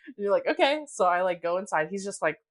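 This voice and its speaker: A woman co-hosting a podcast in casual chat, reacting quickly and laughing often. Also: fairly low pitch, steady tone. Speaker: podcast co-host.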